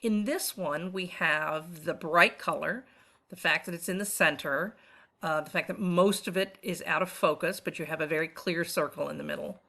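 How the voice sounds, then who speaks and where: A middle-aged woman, an art teacher, explaining a lesson in clear instructional narration and asking questions to her listeners. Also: fairly low pitch, normal speed, bright, forceful tone.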